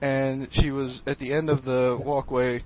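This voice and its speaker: A young man co-hosting a casual podcast, retelling an embarrassing story with laughs and cursing, jumping to loud shouts. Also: mid-range voice, a little slow, rough recording. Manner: excitable, laughs a lot, swears, rises to a shout when retelling. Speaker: podcast co-host.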